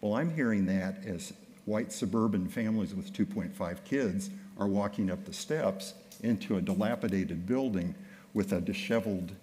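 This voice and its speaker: An older male pastor tells stories from the pulpit in a relaxed, conversational way, often restarting his sentences. His voice sits very low. The sound rings with the long reverb of a large hall. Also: normal speed. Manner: conversational, anecdotal, with frequent restarts. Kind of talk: sermon storytelling.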